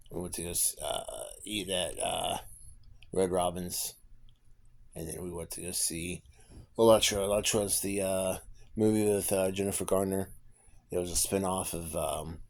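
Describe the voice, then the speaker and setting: A young man casually telling a personal story to viewers, rambling with many fillers and restarts. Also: low-pitched. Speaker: vlogger.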